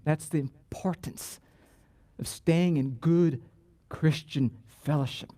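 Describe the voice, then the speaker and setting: A pastor preaching a sermon in church, animated and emphatic, often repeating words and drawing out key phrases. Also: male voice, on the high side, takes it slowly, no echo. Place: church sanctuary.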